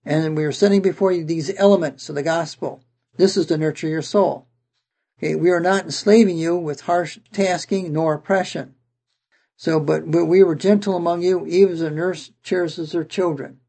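A man's voice: on the high side, fairly even intonation, normal speed, creaky, dark tone, breathy edge. A man teaching the Bible verse by verse, reading passages aloud and then explaining them with frequent "okay"s.

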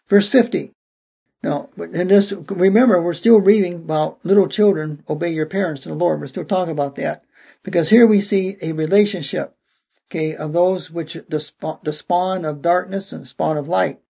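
Gravelly high-pitched male preacher. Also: normal speed, mellow. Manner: emphatic, repeats "okay" and restarts phrases. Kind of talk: sermon, verse-by-verse Bible teaching.

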